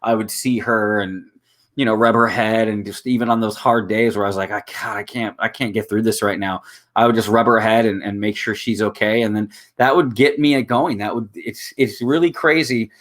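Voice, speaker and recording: Earnest young man, halting and emotional. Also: fairly low pitch, steady tone, a bit bright. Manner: earnest, halting, many restarts and fillers. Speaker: guest. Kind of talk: emotional casual conversation.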